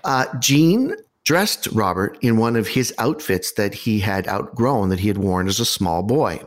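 A man hosting a podcast, telling a story in a casual, animated way with wry asides. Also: lowish voice, measured pace.

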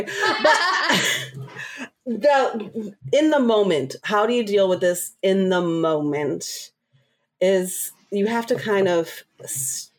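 A woman co-hosting a casual chat, telling a story with lively acted-out quotes and laughter. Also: medium pitch.

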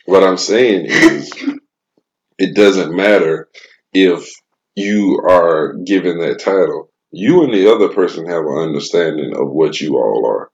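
A man's voice: low voice, unhurried, dull audio. A young man co-hosting a casual chat, blunt and crude, joking and laughing often. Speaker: podcast co-host.

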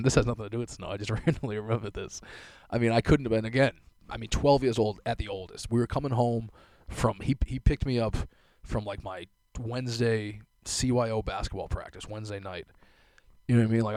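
A man's voice: on the low side, darkish tone, dry recording. A young man telling rambling stories in a casual monologue, swearing often and laughing to himself. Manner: profane, rambling, laughing asides. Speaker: solo vlogger.

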